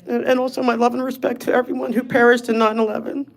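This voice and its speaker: A woman's voice: fairly high pitch, little pitch movement, fast. A woman from Los Angeles giving an earnest public comment at a city meeting, choked up and pleading with the commissioners.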